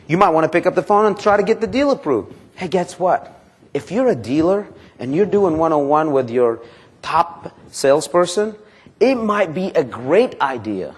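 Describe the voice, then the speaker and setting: A man leading a live sales training seminar, quizzing his audience and acting out sample calls to customers and banks. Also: husky. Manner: energetic, quizzes the audience with questions; acts out sample phone calls and pitches.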